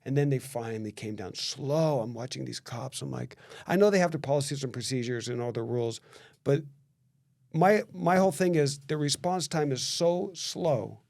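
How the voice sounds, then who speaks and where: A man's voice: mid-range voice, vocal fry. A man telling a story on a podcast in casual chat. He acts out the quoted lines and often restarts his phrases. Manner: animated storyteller who acts out quoted dialogue; quick, repetitive restarts.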